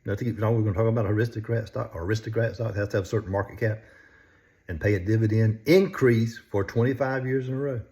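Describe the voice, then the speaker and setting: A man's voice: on the low side, fairly even intonation, fast, dark tone. An older man chatting casually about stocks as a vlogger, folksy and chuckling often between phrases. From North Carolina, US.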